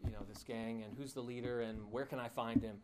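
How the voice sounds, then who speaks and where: A man's voice: medium pitch, steady tone, a little fast, background noise. A man preaching a sermon, telling a story in a conversational way with frequent fillers and restarts, and chuckling at his own asides. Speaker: pastor.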